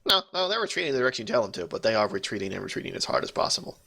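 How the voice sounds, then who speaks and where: Gravelly, bright-voiced male game master. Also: lowish voice, very animated, rapid-fire. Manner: joking, rambling with restarts. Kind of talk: running a tabletop game over voice chat.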